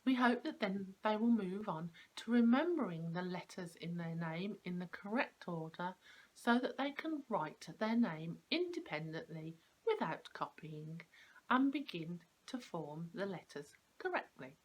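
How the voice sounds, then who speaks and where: Slow-spoken woman explaining preschool lessons. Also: fairly low pitch, very animated, low-quality recording. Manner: clear and slow, stressing sounds of words. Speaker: preschool teacher. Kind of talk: explaining classroom activities to parents.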